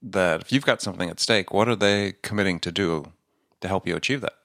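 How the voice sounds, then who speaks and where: A man's voice: sits low, fairly quick, creaky, a bit bright, no echo, studio quality. A man hosting a podcast, asking probing follow-up questions in a conversational way. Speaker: podcast host. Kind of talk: interview questions.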